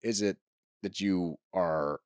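A man's voice: sits low, slow pace, a little mellow, clear, resonant tone, no echo, clean studio sound. A man co-hosting a podcast, giving opinionated and casual recaps of reality TV and swearing freely. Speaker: podcast co-host.

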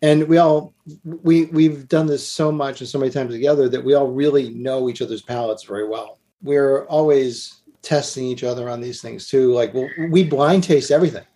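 A man guesting on a podcast, talking about his blending work. He restarts and repeats words as he goes. His pitch sits right in the middle. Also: mellow. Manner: halting, repeats words while explaining. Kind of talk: casual interview talk.

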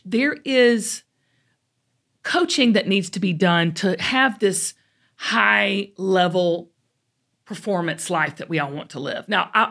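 A woman from the American South with a Southern accent, hosting a podcast in an animated, folksy, chatty way. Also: mid-range voice. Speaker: podcast host. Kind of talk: casual chat.

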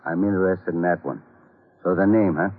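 A man's voice: low voice, steady tone, a little fast, a little hiss or hum, natural voice. A man playing a brawny, threatening department store Santa in a 1950s radio drama. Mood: menacing. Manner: menacing, insistent. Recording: tinny old 1950s radio broadcast.

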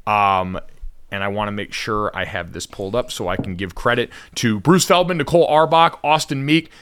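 A man hosting a sports podcast who also calls games, setting up topics in a measured, deliberate way with occasional fillers. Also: on the low side, fairly bright tone, smooth. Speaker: podcast host and game commentator. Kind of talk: casual podcast chat.

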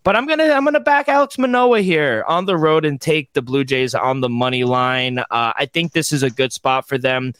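A man's voice: medium pitch, normal speed, hardly any pauses, a bit bright, clean tone, no room sound. A man co-hosting a sports betting podcast, confidently and matter-of-factly running through his picks and stats. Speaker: podcast co-host, betting analyst.

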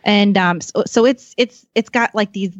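A woman's voice: mid-range voice, normal speed, dry recording. Chatty rambling woman, dry muffled sound. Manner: rambling, self-described awkward, many fillers. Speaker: podcast guest, magazine staffer. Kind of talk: casual chat.

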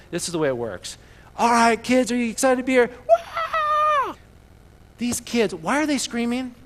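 A man preaching a sermon as a pastor, telling stories with bursts of loud excitement. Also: high-pitched, in a large hall, a little hiss or hum.

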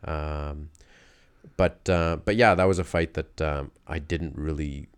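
A man casually recounting his fighting days in a loose, animated way, full of fillers. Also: rumbling low, unhurried, smooth. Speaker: guest telling fight stories. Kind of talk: casual conversational storytelling.

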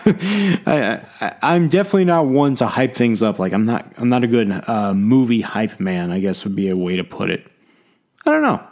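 Male podcast host, casual sports chat, quick, rambling, self-deprecating. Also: on the low side.

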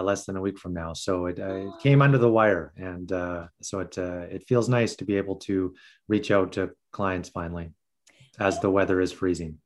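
A man speaking as a guest on a video call, earnest and halting, with many filler words. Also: sits low. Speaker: photographer guest. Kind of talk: casual video call chat.

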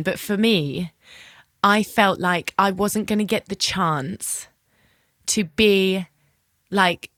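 Woman, podcast host, animated storyteller who acts out dialogue and swears casually; dry, close sound. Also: mid-range voice, no room sound. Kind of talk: lively personal storytelling in conversation.

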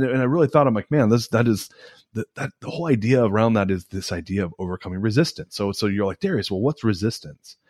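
A man in his forties with a fairly low voice, hosting a solo podcast. He talks casually and energetically, rising when he is fired up and sinking low when he reflects. The sound is dry and close. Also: darkish tone, no echo. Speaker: podcast host.

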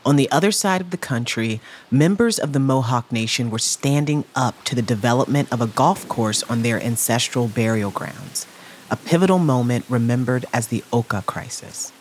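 A man narrating a documentary in a measured storytelling delivery. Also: mid-range voice, animated, slight background noise. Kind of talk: scripted narration.

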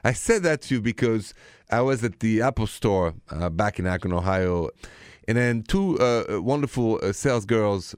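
French radio host from Paris, low voice, dry close sound, chatty and amused. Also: male voice, expressive, clean tone, no echo. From France. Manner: chatty, laughs easily, gives a phone number slowly. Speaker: radio relationship advice host. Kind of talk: call-in radio show.

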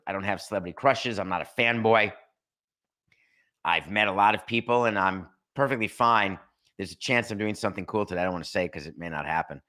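Bright-voiced sarcastic sports podcast host. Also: male voice, on the low side. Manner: sarcastic, animated, acts out scenes. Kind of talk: solo sports podcast monologue.

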